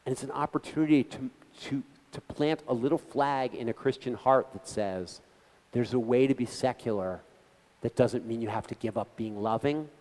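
A man's voice: mid-range voice, normal speed, darkish tone. A man giving an earnest, conversational talk to a community gathering, speaking directly to the audience as a guest speaker. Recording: long reverb of a hall.

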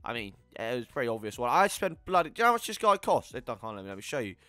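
An eighteen-year-old man giving casual gameplay commentary, chatty and swearing, yelling at the game. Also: medium pitch, very animated, racing, no room sound. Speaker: gaming YouTuber.

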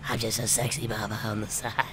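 A man's voice: fairly low pitch, little pitch movement, brisk, noisy background, natural voice. A man putting on a smoky, crude old grandma. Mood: lewd boasting. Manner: lewd, drawling and boastful.

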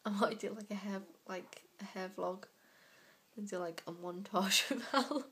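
Slow, tearful young woman vlogging. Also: medium pitch, fairly bright tone, breathy edge. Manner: tearful, halting, many fillers and sighs; slow, hesitant delivery. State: close to tears. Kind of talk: personal vlog, talking to camera.

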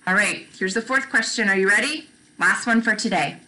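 A young woman teaching a gentle Bible lesson to toddlers, asking questions, repeating them and praising often. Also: mid-range voice, normal speed, poor audio. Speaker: children's teacher.

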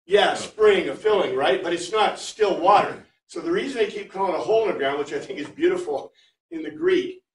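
A man teaching a Bible class, chatty and animated, reading Greek phrases word by word for his students. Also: sits high, a little fast. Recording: echoey room, far from mic.

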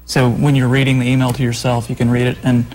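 A man co-hosts a local TV morning show in a relaxed, bantering way. He cracks dry jokes and wanders off into rambling asides. His delivery is casual, with the feel of studio chat. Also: medium pitch, fast, a little hiss or hum, rough recording. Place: TV news studio.

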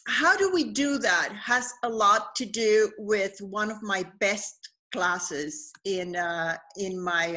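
A middle-aged woman with a mid-range voice presents a business webinar, telling stories animatedly with frequent fillers and restarts.

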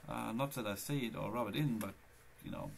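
Brisk and gravelly at medium pitch, this Linux vlogger rambles through a casual screencast about his computer setup, chatting directly with his viewers. The audio carries a slight hiss or hum.

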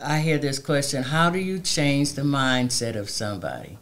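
A woman's voice: rumbling low, expressive, moderate pace, fairly bright tone. A middle-aged woman speaking as an interview guest, emphatic and heartfelt with a preacherly cadence. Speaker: community advocate guest. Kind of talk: interview conversation.

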